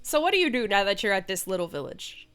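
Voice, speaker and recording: A woman narrating as a tabletop game master, her voice smooth and resonant. She meanders through descriptions, pausing on fillers and correcting herself. Faint music plays behind her. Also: mid-range voice, big pitch swings, fairly bright tone. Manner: rambling, hesitant, many fillers and self-corrections.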